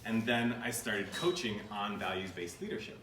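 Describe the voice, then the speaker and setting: American man, 30s, animated keynote storyteller with jokes, heard from a distance in a roomy hall with faint noise. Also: on the low side, normal speed. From United States. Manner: storytelling with jokes and playful asides. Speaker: keynote speaker. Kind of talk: humorous live keynote talk. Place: conference room.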